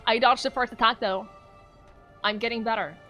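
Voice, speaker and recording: A woman's voice: a little high, steady tone, normal speed, sharp tone, soft background music. A woman streaming a game live, talking playfully to chat, laughing often and yelping whenever her character gets hit. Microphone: microphone in front of her face.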